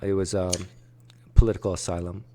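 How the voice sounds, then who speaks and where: A man from Canada with a Midwestern American accent, hosting a casual interview in a joking, relaxed way. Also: deep voice, fairly quick, slight background noise. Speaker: host.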